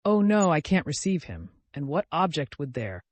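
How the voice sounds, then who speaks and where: A man's voice: a little high, sing-song, moderate pace, no echo. A man voicing an anxious young noblewoman who speaks in an urgent, hasty, pleading way. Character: anxious, flushed young noblewoman, excited and earnest.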